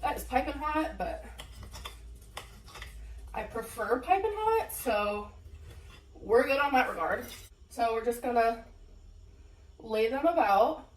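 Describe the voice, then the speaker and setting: A woman's voice: on the high side, lively intonation, takes it slowly, long pauses, a little hiss or hum, poor audio. A stuffed-up woman chatting casually and giggling as she cooks in her home kitchen for a vlog. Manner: chatty, giggly, talks to viewers. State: congested from a cold. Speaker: vlogger. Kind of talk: casual cooking vlog chat.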